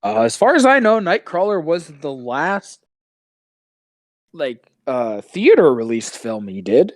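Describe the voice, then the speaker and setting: A young man with a Canadian accent co-hosting a casual movie-watching podcast, animated, laughing often and swearing casually. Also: on the high side, takes it slowly, dry recording, clean studio sound. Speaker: podcast co-host.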